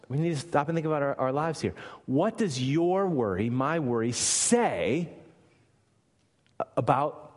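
Emphatic preacher in an echoing hall. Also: male voice, a little high, darkish tone. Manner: emphatic, asks rhetorical questions. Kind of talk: sermon.

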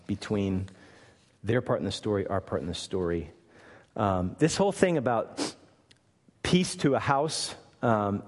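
Male pastor, sermon delivery, earnest and emphatic, long reverb of a large hall. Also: lowish voice. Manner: earnest preaching that swells louder and slower on key lines.

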